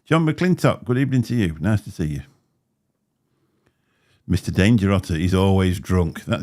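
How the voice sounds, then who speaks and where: A man with a low, darkish voice hosts a livestream, chatting casually and rambling along with a slight lisp and plenty of laughter. He's picked up on a desk microphone.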